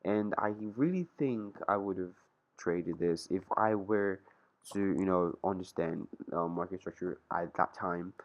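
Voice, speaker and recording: A young trading vlogger casually walks through a chart on a screen share, thinking aloud in slangy, rambling fashion. His voice is deep and measured, and the recording is lo-fi.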